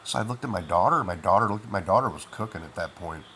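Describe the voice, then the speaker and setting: A man's voice: deep voice, expressive, fast, sharp tone, a little hiss or hum. A middle-aged man, half asleep, rambling through a first-person story with lots of fillers. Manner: rambling, with many fillers like "you know" and "man".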